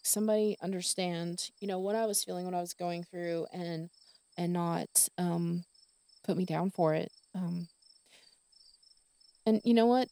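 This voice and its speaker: Gravelly-voiced woman rambling candidly. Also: fairly low pitch, warm tone. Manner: rambling, candid, with many fillers and quoted dialogue. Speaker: podcast host. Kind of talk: casual personal monologue.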